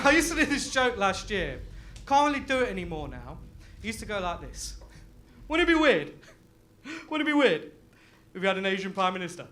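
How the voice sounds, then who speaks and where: High, bright-voiced young comedian from Leicester. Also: male voice, slight background noise. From Leicester, England. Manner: loud, laughing, crude banter with the crowd. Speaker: stand-up comedian. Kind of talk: live stand-up set.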